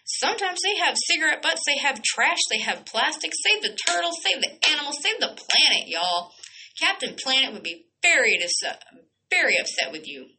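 Fiery, bright-voiced woman radio host. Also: sits high, very animated, moderate pace, a little hiss or hum, rough recording. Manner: fiery, blunt, swears, rhetorical questions. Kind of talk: heated solo radio rant.

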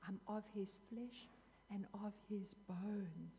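A woman's voice: mid-range voice, slow, mellow, in a large hall, a little hiss or hum. A woman preaching a sermon in an earnest, emphatic way, repeating phrases for weight.

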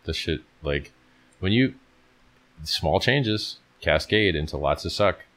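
A man's voice: low-pitched, animated, takes it slowly, fairly bright tone. A tired man hosting a casual livestream, talking bluntly with plenty of swearing as he reads and answers viewer questions. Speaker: livestream host answering chat.

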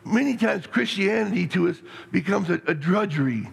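A middle-aged man preaching a sermon as pastor, rambling and excitable, with many restarts and stammers. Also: sits high, normal speed, creaky, few pauses, husky. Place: church sanctuary. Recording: long reverb in a hall.

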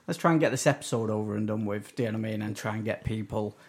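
A man's voice: lowish voice, very fast, over a noisy crowd. A man, a podcast co-host in casual chat, talking tentatively and ending points with tag questions.

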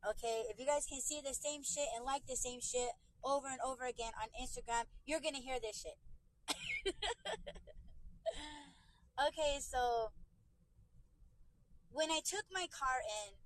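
The audio is poor and echo-free as a podcast host with a high, fairly bright voice streams from her car via phone. Blunt and profane, she keeps circling back over the same points in a casual livestream rant.

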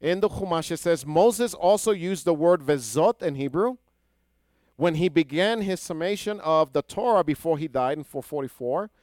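A man's voice: on the high side, lively intonation, normal speed, darkish tone, no room sound. A man teaching a scripture lesson who explains Hebrew words and keeps asking his listeners questions. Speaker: Torah teacher.

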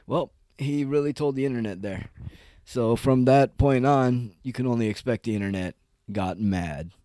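A man's voice: mid-range voice, unhurried, mellow, no echo. A man giving a casual, rambling, profane rant as an online commentator. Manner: profane, rambling, heavy on "like" and "dude".

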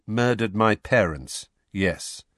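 A man's voice: fairly low pitch, animated, takes it slowly, dry recording, studio quality. Man voicing a weary teenage boy wizard. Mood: subdued. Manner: quiet, heavy, subdued. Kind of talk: audiobook character reading.

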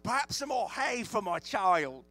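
A man voicing a fussy mock nobleman in a put-on French accent that comes out English, loud and affected. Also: sits high, sing-song, unhurried, faint music behind, exaggerated voice. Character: mock French nobleman fussing over lager and hay.

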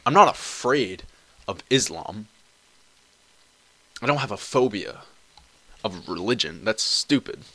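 A man's voice: fairly low pitch, lively intonation, takes it slowly, pauses often, pushed and bright. A young man hosting his own podcast alone, talking in a rambling, crude way full of swearing and restarts on a cheap computer mic at home. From Canada. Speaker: podcast host. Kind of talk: casual solo podcast monologue.

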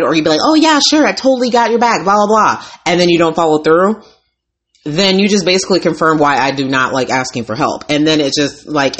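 A woman hosting her own podcast as a life coach, talking in a raw, candid and emphatic way. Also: deep voice. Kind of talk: casual motivational talk.

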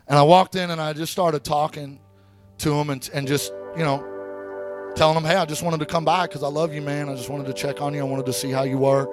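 A high-voiced man preaching in a church. He starts out chatty and conversational, then climbs into loud, rhythmic, sing-song exhortation. Soft music plays faintly underneath. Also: fairly even intonation, fairly quick. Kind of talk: sermon. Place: church sanctuary.

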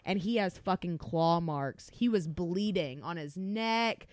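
A young woman on a podcast telling a story in an animated way, swearing constantly. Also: on the low side, a little slow, dry recording. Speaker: podcast co-host. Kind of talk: casual storytelling.

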